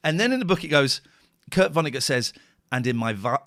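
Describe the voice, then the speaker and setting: A middle-aged man rambles through a casual radio chat, his pitch swinging widely as feeling takes over. He sounds worn out and near tears. The studio sound is close and dry. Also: expressive, normal speed, a bit bright, no room sound. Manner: emotional, rambling, tearful at times. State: tired. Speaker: radio host. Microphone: studio microphone.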